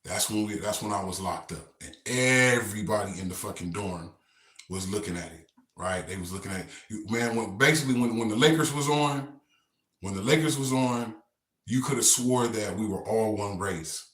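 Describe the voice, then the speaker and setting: A man casually telling a story in relaxed slang, rambling and repeating himself. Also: lowish voice, normal speed, roomy sound. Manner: laid-back, slangy, rambling.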